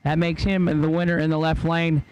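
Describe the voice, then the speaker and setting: A man calling drag race results and lane calls in a brisk, joking way. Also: fairly high pitch, little pitch movement, a little mellow, smooth, dull audio.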